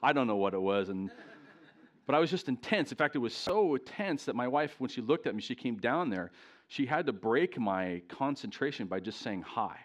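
A man's voice: medium pitch, normal speed. A middle-aged man preaching to a live congregation in a church, telling a personal story in a self-deprecating way and often asking the listeners questions. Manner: animated, self-deprecating, talks straight to the congregation. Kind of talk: storytelling sermon.

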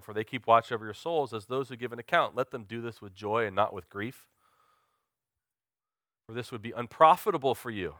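A man's voice: mid-range voice, bright, forceful tone, no echo, studio quality. A man, preaching an earnest sermon that mixes personal testimony with questions to the congregation. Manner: earnest, confessional, asks the listeners questions.

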